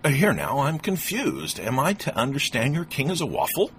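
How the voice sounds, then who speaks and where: A man's voice: lowish voice, huge pitch swings, moderate pace, a bit bright, slight background noise, pitched above the performer's own voice, full character voice. A man doing a baffled, simple-minded traveler. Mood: confused. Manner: bewildered, hesitant, with "uh" fillers.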